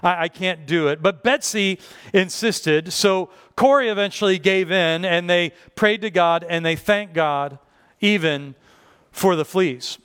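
A man's voice: high voice, slow pace, fairly bright tone, smooth. A man in his forties, a pastor preaching a sermon in a conversational way with frequent fillers and repetitions.

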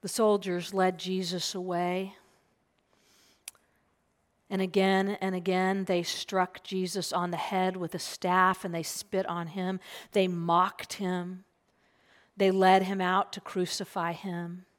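Woman preacher, slow and earnest, sermon storytelling, hushed asides. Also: lowish voice, little pitch movement. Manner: earnest, drops to a hushed whisper for emphasis. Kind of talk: sermon retelling a gospel passage.

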